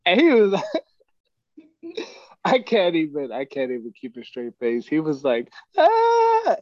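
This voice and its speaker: A man's voice: a little high, unhurried, no echo. A man hosting a podcast, telling his stories in casual chat and laughing often. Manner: animated storyteller, laughs often. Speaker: podcast host. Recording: dry, dull lo-fi sound.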